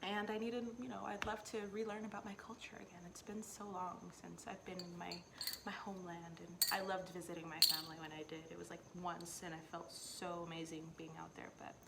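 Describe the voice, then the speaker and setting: A woman's voice: fairly low pitch, little pitch movement, brisk, gravelly, background noise. A woman from Central America chatting as a guest friend in a casual, earnest, musing way. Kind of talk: casual chat.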